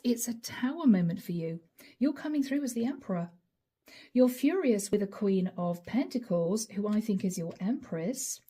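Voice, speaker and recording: A woman's voice: mid-range voice, lively intonation, normal speed, mellow, slightly rough. A woman giving a channeled tarot reading, talking emphatically and repeating lines as she acts out imagined exchanges. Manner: dramatic, emphatic, repeats lines while acting out dialogue. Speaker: tarot reader.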